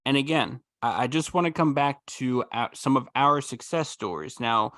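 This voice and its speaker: Emphatic man pitching on a call. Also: moderate pace, dry recording, studio quality. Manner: energetic, emphatic salesman tone. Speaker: host presenting a trading course. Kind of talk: sales pitch on a live video call. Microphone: video call.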